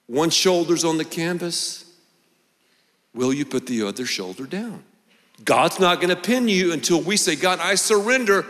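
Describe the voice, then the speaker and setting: Animated man preaching in a big hall. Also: fairly high pitch, a little slow. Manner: animated, emphatic preaching with repetitions. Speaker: pastor. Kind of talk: sermon.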